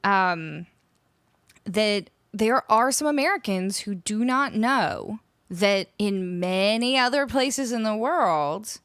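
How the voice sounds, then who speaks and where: A woman from Canada chats with her live viewers in a lively voice that swings up and down, laughing as she goes. She sits close to a studio mic, and the sound is dry and close. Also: medium pitch, slow pace, clean tone, dry recording. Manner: chatty, laughs often, muses over word pronunciations. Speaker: streamer. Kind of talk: casual chat with live viewers. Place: home streaming room. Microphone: studio microphone up close.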